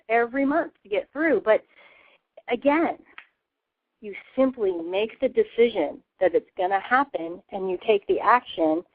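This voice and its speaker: Woman, show guest, excited storytelling, thin lo-fi phone audio. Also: medium pitch. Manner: enthusiastic storyteller, acts out voices. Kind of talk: casual chat. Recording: tinny phone-line audio.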